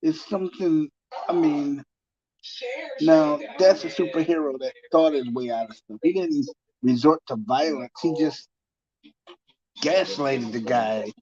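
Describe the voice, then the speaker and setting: A man's voice: fairly high pitch, a little slow, long pauses, a crowd in the background. A man casually telling a long story, rambling and repeating himself, with many fillers. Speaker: TV talk guest telling a story. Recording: muffled lo-fi sound.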